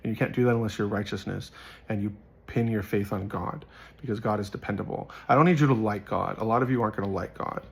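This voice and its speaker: Guy rambling thru a bible lesson, kinda husky low voice, earnest, keeps repeating himself. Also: quick pace. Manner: rambling and earnest, telling personal stories; emphatic, repeats phrases. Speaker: Bible teacher. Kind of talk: casual Bible teaching.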